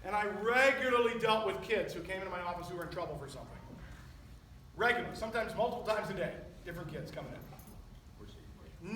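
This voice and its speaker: A middle-aged pastor with a very high, bright voice delivers a sermon, pressing his congregation with emphatic rhetorical questions. He is heard from some distance in a reverberant church, with faint room noise behind him. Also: brisk, pauses often. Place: church sanctuary. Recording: echoey church recording from a distance.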